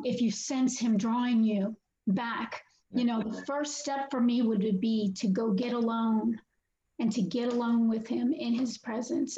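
Woman telling her faith story, halting and sincere, roomy dull audio w faint hum. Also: a little high, dark tone. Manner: heartfelt, halting, many "you know"s. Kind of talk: personal testimony in a devotional talk.

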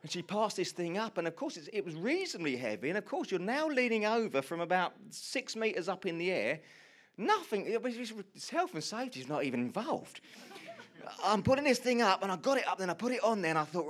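A man telling a funny personal story in a sermon to a congregation, acting out his own lines loudly. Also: high voice, fast talker. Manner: animated storyteller, shouts quoted lines. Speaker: pastor. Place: church hall before a congregation.

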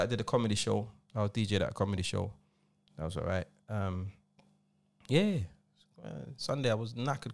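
A gravelly, medium-pitched man in his forties from England, with a London accent, co-hosts a podcast and also works as a DJ. Chatting casually, he tells stories with animation and acts out quotes in slang.

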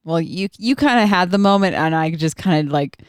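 A chatty woman in her thirties hosts a casual podcast, laughing often as she banters with her guest. Her voice is smooth and a touch low, recorded close and dry. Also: lively intonation, a little fast, no echo. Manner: bubbly, giggly, chatty. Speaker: podcast host. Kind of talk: casual chat and self-read ad.

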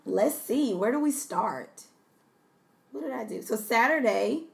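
A young woman co-hosting a podcast chats casually, telling stories and laughing easily. Her voice is on the high side with lively intonation, vocal fry, and a slightly slow pace.

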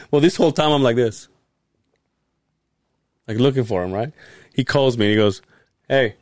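A middle-aged man hosting a podcast who tells a long story in a casual, animated way, swearing often and laughing as he goes. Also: medium pitch, unhurried, pauses often, no room sound, studio quality. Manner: animated, profane, laughs while telling stories. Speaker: podcast host.

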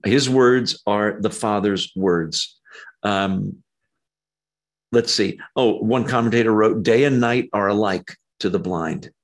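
A man preaching a conversational verse-by-verse sermon, animated and jumping his pitch up when he acts out quoted lines, with frequent ums. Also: slow pace. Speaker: pastor. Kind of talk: expository sermon.

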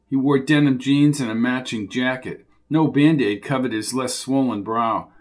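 A man reading crime fiction aloud as narrator, in an even, descriptive manner. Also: mid-range voice, normal speed, hardly any pauses. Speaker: audiobook narrator. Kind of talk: scripted narration.

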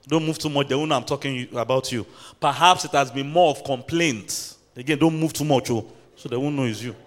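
A man's voice: medium pitch, a bit bright. A man preaching a sermon in a church, building to emphatic bursts and calling out to the congregation. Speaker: pastor.

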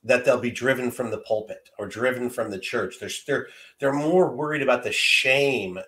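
A man's voice: medium pitch, moderate pace, fairly bright tone. A man in his fifties telling a heartfelt personal story as a guest, earnest and often repeating words as he gathers his thoughts. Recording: roomy echo.

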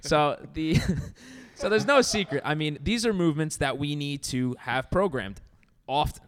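A man co-hosting a podcast, talking about gym programming in casual chat, animated and laughing often. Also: a little high, measured pace. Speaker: podcast co-host and gym coach.

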